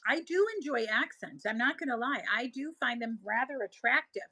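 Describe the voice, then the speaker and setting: Bright chatty woman hosting a live stream. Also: fairly high pitch, normal speed, husky, rough recording. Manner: chatty, laughs often, answers chat comments. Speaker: live-selling stream host. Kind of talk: casual chat with live chat viewers.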